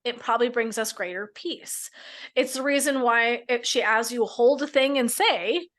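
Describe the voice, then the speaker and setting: A middle-aged woman co-hosting a casual chat, animated and quick to laugh, swearing freely. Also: fairly high pitch. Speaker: podcast co-host, midlife coach.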